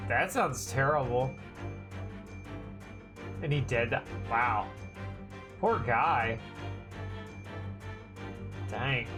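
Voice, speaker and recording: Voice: medium pitch, expressive, drawn-out words, pauses often. A streamer commentating a live playthrough, with self-deprecating, giggly asides. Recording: game music behind the voice.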